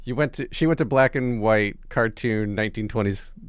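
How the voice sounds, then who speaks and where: A man in his forties hosting a podcast interview, playful and quick to joke. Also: fairly low pitch, smooth, no echo, clean studio sound. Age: 40s. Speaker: podcast host.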